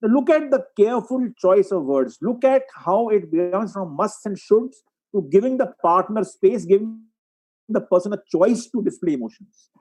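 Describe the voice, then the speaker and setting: A man giving a webinar lecture as a psychiatrist, walking through case examples and often clearing his throat. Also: sits high, animated, moderate pace, a little mellow, rough recording. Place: online webinar.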